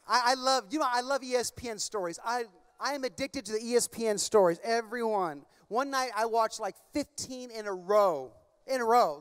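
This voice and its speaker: A pastor with a high, clear, resonant voice preaches in a large church. He swings between impassioned, emphatic exhortation with loud bursts and relaxed, rambling storytelling full of fillers.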